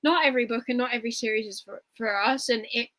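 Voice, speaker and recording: A woman's voice: a little high, quick pace, bright, forceful tone, no echo, rough recording. A woman co-hosting a casual livestream book chat, talking in a rambling, reflective way with many restarts. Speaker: book podcast co-host.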